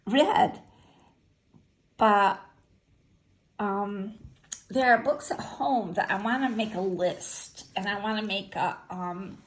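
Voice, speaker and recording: Unhurried older woman listing favorite books. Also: mid-range voice. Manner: unhurried, listing titles with fillers and asides. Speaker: vlogger sharing favorite books. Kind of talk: casual spoken list.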